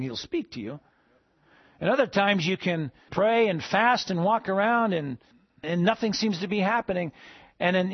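Emphatic male preacher, slightly high voice. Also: husky, dry recording, highs cut off. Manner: preachy, rising to emphatic peaks then dropping soft. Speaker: pastor. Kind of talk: sermon.

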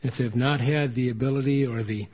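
Husky man leading an earnest prayer. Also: medium pitch, fairly even intonation, brisk. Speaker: pastor. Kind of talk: sermon and closing prayer. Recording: dull lo-fi recording.

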